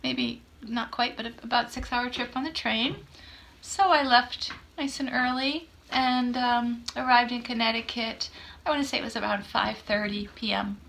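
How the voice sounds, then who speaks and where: A woman in her fifties with a bright, crisp voice tells a personal story for her podcast. She talks in a chatty, self-deprecating way and acts out the lines of the people in it. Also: on the high side, moderate pace. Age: 50s. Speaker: podcast host. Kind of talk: casual storytelling chat.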